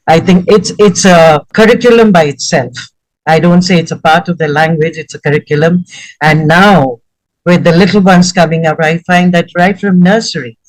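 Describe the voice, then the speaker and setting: A man's voice: on the high side, no echo, rough recording. A man giving a formal, effusive spoken review of a session, with elaborate wording. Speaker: session participant giving feedback.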